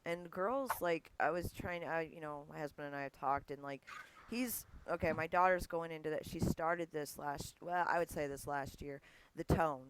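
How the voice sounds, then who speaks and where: A woman's voice: deep voice, normal speed, background noise. A woman hosting a podcast, chatting casually and telling family stories with acted-out dialogue. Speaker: podcast host. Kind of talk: casual conversation.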